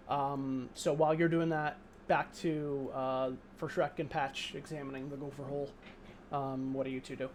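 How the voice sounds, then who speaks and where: A man's voice: mid-range voice, slight background noise. A man running a tabletop game as game master, rambling through scene descriptions with many fillers and restarts.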